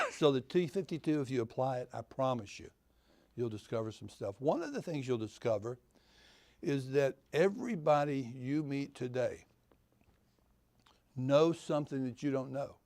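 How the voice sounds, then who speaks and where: A man talks to a conference audience about the real estate business. His voice has a gravelly, creaky edge at a middle pitch, and he tells homespun stories with dry humor, driving his points home by repeating them. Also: big pitch swings, moderate pace, no echo. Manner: storytelling, homespun humor, repeats key phrases. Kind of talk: folksy motivational talk to an audience. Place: conference venue.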